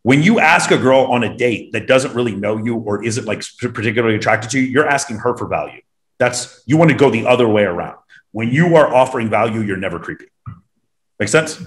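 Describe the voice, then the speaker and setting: A man's voice: mid-range voice, expressive, fairly quick. A man hosting a casual podcast, talking bluntly and emphatically with lots of swearing. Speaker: host.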